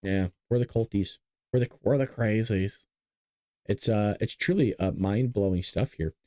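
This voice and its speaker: A man's voice: fairly low pitch, measured pace, warm tone, no room sound, studio quality. A man hosting a live-streamed political commentary show, ranting sarcastically and answering viewer chat. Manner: sarcastic, ranting, mocks opponents.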